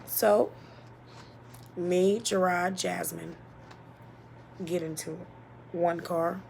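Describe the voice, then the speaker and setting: A woman telling a painful childhood story as a personal testimony, halting and emotional, often dropping to a near-whisper. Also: on the low side, steady tone, creaky, a little mellow, a little hiss or hum. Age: adult.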